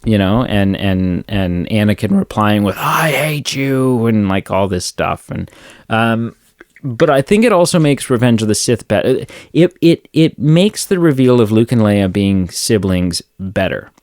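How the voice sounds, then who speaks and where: A low-pitched man talks loosely about movies on a podcast, rambling through fillers and false starts. His voice sits close and dry, with no room sound around it. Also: lively intonation, a little slow, a little mellow, no echo. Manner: rambling, acts out film scenes in silly voices. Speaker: podcast co-host. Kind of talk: casual movie discussion.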